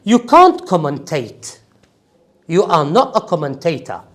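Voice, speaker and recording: A high-pitched man in his forties lectures a class in English with an Iraqi Arabic accent. His delivery is lively and swings up and down as he stresses key points. He keeps checking in with the room as he explains the exam. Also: unhurried. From Iraq. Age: 40s. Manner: emphatic, checks in with "okay?" and "is that clear?". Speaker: IELTS trainer.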